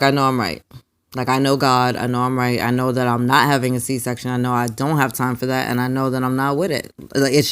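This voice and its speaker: A young adult woman, a spiritual card reader, telling a personal story in an emphatic, animated way and acting out the quotes. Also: extremely low pitch, clean tone.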